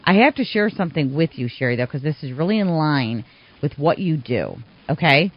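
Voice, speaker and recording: A woman's voice: deep voice, moderate pace, no room sound. Woman radio host, dry dull sound. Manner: animated storyteller, acts out quoted voices. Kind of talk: radio interview, storytelling.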